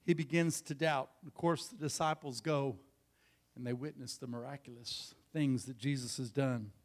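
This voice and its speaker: A man preaching a sermon as pastor, swinging between quiet, intimate passages and loud, emphatic ones, repeating key phrases. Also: medium pitch, steady tone, normal speed.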